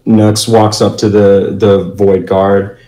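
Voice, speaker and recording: A man describes his character's moves in a tabletop game. He talks low and flat and often stops to restart with fillers. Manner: halting, restarts, many fillers. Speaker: player.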